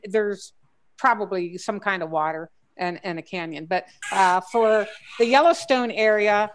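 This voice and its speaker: A woman's voice: mid-range voice, normal speed, a little hiss or hum. A woman guest on a casual group chat, talking in long rambling stretches with frequent restarts and fillers. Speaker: guest treasure hunter.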